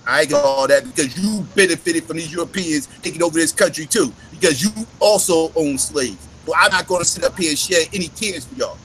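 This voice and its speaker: A man's voice: fairly high pitch, fairly quick, few pauses, a bit bright, faint music behind, rough recording. A man hosting a live discussion, ranting emphatically and swearing a lot. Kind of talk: casual chat.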